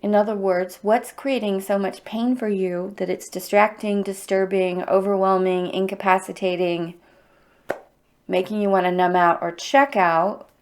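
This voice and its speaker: A woman's voice: mid-range voice, steady tone, measured pace. A middle-aged woman hosting a livestreamed EFT tapping circle, speaking in a heartfelt, openly emotional and encouraging way. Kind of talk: livestream guided tapping talk.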